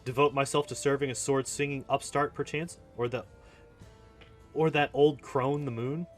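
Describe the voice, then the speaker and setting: A man's voice: mid-range voice, fairly even intonation, moderate pace, close to an everyday voice. A man reading aloud as a haughty, scornful female demon queen in a video game, cold and mocking, with faint music behind.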